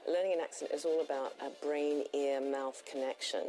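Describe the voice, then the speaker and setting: Woman voice coach, low and mellow, soft music behind. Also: steady tone, moderate pace, rough recording. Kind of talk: coaching explanation.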